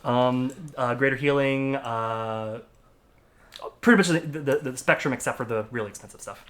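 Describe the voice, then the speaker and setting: A young man narrating as dungeon master, talking in a halting way with many fillers and restarts. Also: mid-range voice, fairly bright tone. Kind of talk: narrating a tabletop game.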